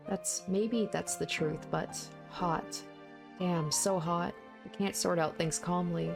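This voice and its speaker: A woman with a notably low voice reads a visual novel's narration aloud. She narrates steadily and keeps stopping to add candid, offhand comments of her own. Soft music plays faintly behind her. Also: steady tone, slow pace, creaky. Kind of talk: game read-aloud with commentary.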